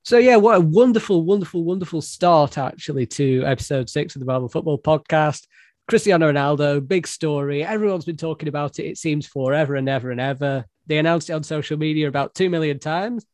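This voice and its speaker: Man, podcast host, fairly high voice, dry close sound, joking and self-deprecating, casual chat. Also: fairly quick, darkish tone, no room sound. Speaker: podcast host and editor-in-chief.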